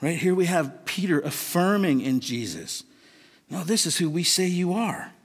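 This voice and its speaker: Earnest high-voiced male preacher in a hall. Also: sing-song, normal speed. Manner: earnest, questioning, conversational preaching. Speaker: pastor. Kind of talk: sermon. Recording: long reverb of a large hall.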